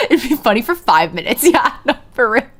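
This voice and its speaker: A woman's voice: a little high, very animated, moderate pace, fairly bright tone. A woman streamer chatting with her viewers, giggling often and reading visual novel prose aloud with a dramatic lilt. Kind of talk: casual let's-play chat, reading a visual novel aloud.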